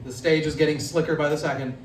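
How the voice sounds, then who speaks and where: High-pitched rambling comedian on a live stage. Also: male voice, steady tone, fast, reverberant, recorded from a distance, a little hiss or hum. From Italian-American family. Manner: loose, rambling, says he is high, laughs at own jokes. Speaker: stand-up comedian.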